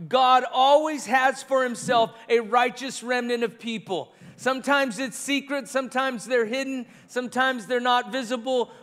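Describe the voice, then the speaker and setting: A man's voice: extremely high pitch, a bit bright. A man preaching a sermon as pastor, earnest and repetitive in his phrasing. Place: church sanctuary. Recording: long reverb of a large church hall.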